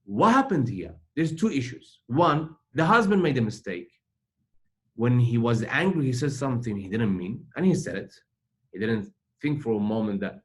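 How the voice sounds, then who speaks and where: A man's voice: mid-range voice, expressive, moderate pace. A man teaching a religious ethics class in a conversational way, explaining through everyday examples.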